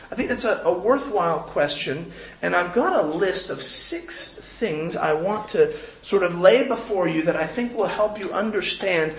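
A man's voice: high-pitched, fairly bright tone, a little hiss or hum. A man preaching a sermon as pastor, earnest and pleading, often repeating words as he goes. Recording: echoey, slightly dull room recording.

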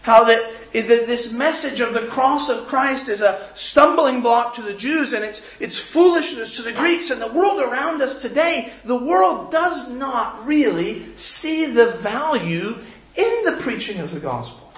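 A man's voice: very high-pitched, lively intonation, unhurried, fairly bright tone. Earnest pleading male preacher, echoey church. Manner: earnest, pleading, repeats words. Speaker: pastor. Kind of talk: sermon. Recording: echoey, slightly dull room recording.

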